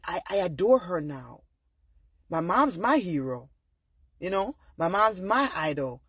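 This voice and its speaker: A young Jamaican man with a bright, high-set voice talks to his viewers in a loose monologue. He leans hard on his points and keeps pushing up toward a near-shout. The sound is close and dry. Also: breathy edge, no echo. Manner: emphatic, often rising to near-shouting. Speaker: vlogger.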